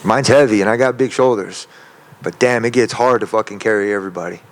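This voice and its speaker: A man's voice: lowish voice, quick pace. A man, a professional fighter, answering interview questions in an intense, profane, rambling way. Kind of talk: media day interview answers.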